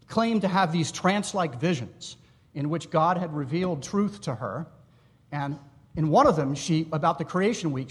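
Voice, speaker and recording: A man giving an academic lecture, explaining history in a measured way with asides to his listeners. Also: on the high side, breathy edge. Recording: long reverb in a hall.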